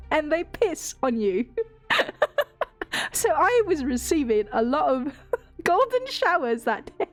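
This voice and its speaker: A woman streamer telling a rambling story in casual chat. She swears freely and laughs often. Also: on the high side.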